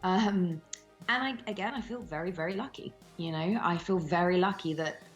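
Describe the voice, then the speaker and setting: A woman's voice: on the low side, moderate pace, faint music behind. A woman in her thirties, an actress talking candidly in an interview, frank and swearing freely between ums. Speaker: actress and voice actor guest.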